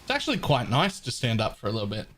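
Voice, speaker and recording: An Australian man in his thirties chats through a live game stream from his home setup. He talks in a blunt, wisecracking way and swears freely. His voice sits at an ordinary mid pitch. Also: wildly swooping pitch, fast, a bit bright. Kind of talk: casual live-stream chat. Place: home gaming room.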